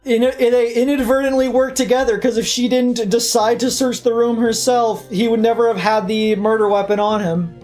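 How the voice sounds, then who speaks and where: A woman's voice: a little high, level tone, moderate pace, few pauses, a little mellow. Rambling, jokey woman streamer. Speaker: VTuber streamer. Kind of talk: casual game playthrough chat. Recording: faint game music behind.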